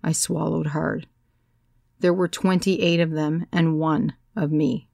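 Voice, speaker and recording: Gravelly woman narrating a story. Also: low voice, level tone, a little mellow, no echo, studio quality. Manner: measured storytelling, wry. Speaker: audiobook narrator. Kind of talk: first-person scripted narration.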